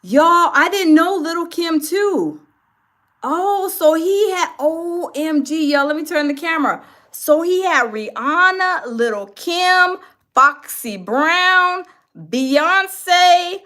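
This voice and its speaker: High-voiced woman reacting to viewers. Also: slow. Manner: excitable, addresses viewers as y'all. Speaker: commentary host. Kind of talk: casual reaction chat.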